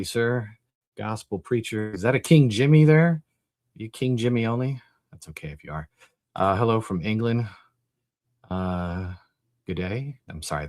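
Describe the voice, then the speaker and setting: A man's voice: on the low side, dry recording. A man hosting a live call-in stream, reading chat and chatting casually, rambling with lots of fillers. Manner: rambling, thinks aloud with many fillers. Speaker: host of a Christian apologetics call-in stream.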